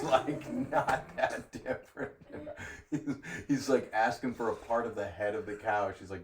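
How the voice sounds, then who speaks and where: A man's voice: lowish voice, normal speed. A man co-hosting a podcast, telling crude stories casually with lots of swearing and laughing. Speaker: podcast co-host. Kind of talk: casual chat, storytelling. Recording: roomy, distant mic with faint noise.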